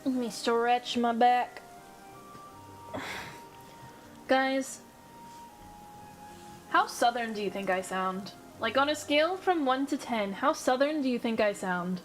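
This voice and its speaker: A woman's voice: a little high, slow pace, pauses often. A young woman streamer from the American South, chatting casually with her viewers and thinking aloud. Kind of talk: casual chat with live viewers. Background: faint background music.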